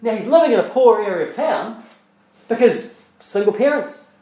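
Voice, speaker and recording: A man's voice: high voice, lively intonation, moderate pace, warm tone, echoey room, poor audio. A man preaching a sermon as pastor, talking conversationally with rhetorical questions and repeated words, and reading scripture aloud in old-style English. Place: church.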